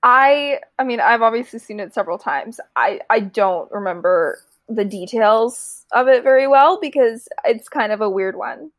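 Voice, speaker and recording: A woman's voice: fairly high pitch, lively intonation, normal speed, hardly any pauses, no echo. A tired, yawning woman co-hosting a casual chat, recorded close and dry with no room sound. She agrees easily and fills in details as she goes. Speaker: podcast co-host.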